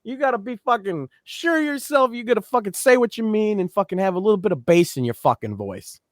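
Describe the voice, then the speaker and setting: A man with a high, bouncing voice that swoops up and down as he argues. He talks bluntly and profanely on a casual political chat show. The sound is close and dry, with no room around it. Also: lively intonation, brisk, no room sound. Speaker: podcast co-host.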